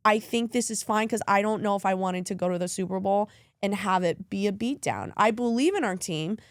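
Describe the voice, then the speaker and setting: A woman's voice: medium pitch, a little fast, no echo, studio quality. A woman co-hosting a casual sports podcast, gushing and tearful as she talks about her team. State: crying at times. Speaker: podcast co-host.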